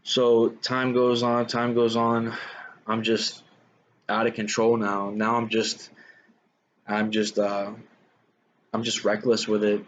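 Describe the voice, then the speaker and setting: Casual storyteller, young man, low flat voice, rambling with fillers, slightly dull recording with faint hiss. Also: slow pace, long pauses. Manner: rambling, frequent fillers like "man" and "you know". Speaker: guest telling his life story.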